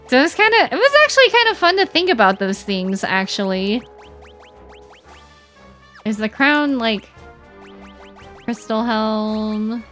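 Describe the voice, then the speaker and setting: A young woman chatting casually while streaming a game, animated and giggly, with lots of "like" fillers. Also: on the high side, measured pace, long pauses, faint music behind.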